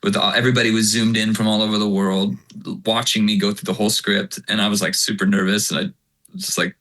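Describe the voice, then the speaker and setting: A man in his forties, a worship singer giving an interview, who tells stories in a casual, animated way and acts out the lines of other people. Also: on the low side, quick pace.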